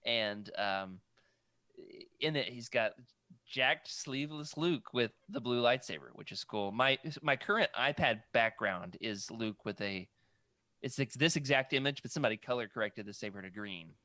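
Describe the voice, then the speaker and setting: A man's voice: mid-range voice, normal speed, pushed and bright, no echo, clean studio sound. A man co-hosting a casual chat, rambling and correcting himself as he stumbles over names. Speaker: podcast co-host. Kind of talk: casual chat about comic art books.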